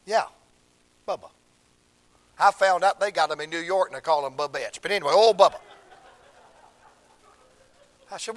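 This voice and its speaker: An older man, preaching a sermon through emotional stories, swinging from hushed tones to shouts. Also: fairly high pitch, brisk, pauses often.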